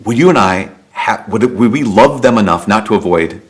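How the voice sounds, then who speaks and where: A man's voice: fairly low pitch, expressive, fairly quick. A man, a priest, giving a sermon in a conversational storytelling way, with repeated rhetorical questions.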